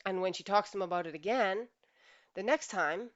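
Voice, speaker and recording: A woman's voice: mid-range voice, a little fast, no room sound. A woman relationship coach giving a reflective monologue to camera in a conversational way, acting out what partners say to each other. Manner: conversational, acts out quoted partners in dialogue. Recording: dull, dry lo-fi sound.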